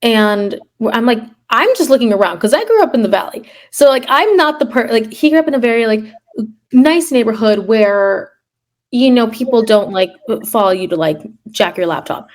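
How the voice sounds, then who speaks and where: A woman's voice: a little high, moderate pace. Podcast guest, female, casual storyteller; lots of "like", acts out her own lines. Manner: animated storyteller, filler-heavy, quotes herself. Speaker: guest, third grade teacher. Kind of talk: casual chat, personal storytelling.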